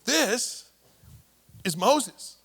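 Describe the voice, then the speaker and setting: A man's voice: very high voice, expressive, extremely slow, creaky, fairly bright tone, husky, heavily acted. A man voicing Jesus as an easygoing, chummy teacher speaking to his friends in modern casual words. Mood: friendly. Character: warm patient teacher Jesus, adult man.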